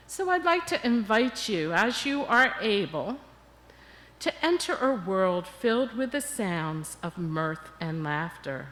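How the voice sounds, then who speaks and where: An older woman guest speaker leading a congregation in laughter exercises, animated and coaxing. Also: medium pitch. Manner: animated, coaxing, bursts into cheering and chanting. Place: church sanctuary. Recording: long hall reverb.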